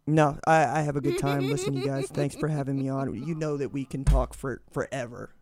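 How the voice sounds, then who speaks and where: A man's voice: medium pitch, flat delivery, fairly quick, over a noisy crowd. A man appearing as a podcast guest, chatting casually with joking, mock-serious asides.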